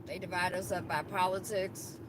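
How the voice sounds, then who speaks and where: A woman's voice: on the low side, moderate pace. A woman talking casually and bluntly to viewers while stuck in city traffic, swearing freely and addressing them directly. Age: adult. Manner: blunt, profane, animated, talks to viewers. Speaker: activist vlogger. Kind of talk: casual live-stream chat while driving. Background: traffic and road noise.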